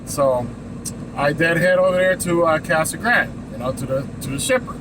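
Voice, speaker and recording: A man's voice: a little high, normal speed, noisy background. A man who drives trucks tells a story in a loose, casual way, swearing and laughing between his lines.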